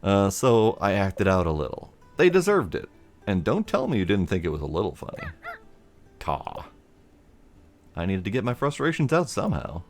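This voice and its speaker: A sulky, sarcastic young witch, read aloud in a man's own deep voice. The delivery is dry but moves widely up and down in pitch. Quiet game music sits behind the voice. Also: huge pitch swings, normal speed. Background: faint game music.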